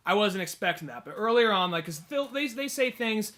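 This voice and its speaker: Podcast guy, high pitched and kinda bright, swears a lot, acts out lines. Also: animated, fairly quick. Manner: rambling, profane, acts out quotes. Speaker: podcast co-host. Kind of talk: casual comedy podcast chat.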